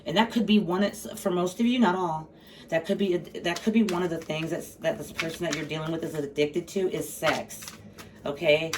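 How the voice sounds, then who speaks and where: A woman's voice: fairly low pitch, steady tone, moderate pace. A woman giving a casual tarot reading, blunt and profane, with sassy asides. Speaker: tarot reader. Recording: slightly distant mic, faint background noise.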